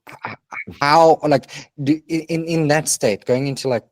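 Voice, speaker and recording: A man's voice: on the high side, normal speed, no room sound. A man co-hosting a podcast, coaching in an earnest, emphatic way and swearing now and then. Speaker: podcast co-host. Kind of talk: casual podcast conversation.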